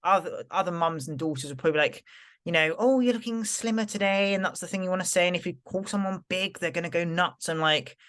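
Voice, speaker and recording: A woman's voice: lowish voice, steady tone, fast, a bit bright. Chatty woman, rambling. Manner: chatty, rambling, full of "like" and restarts. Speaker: podcast co-host. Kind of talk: casual chat.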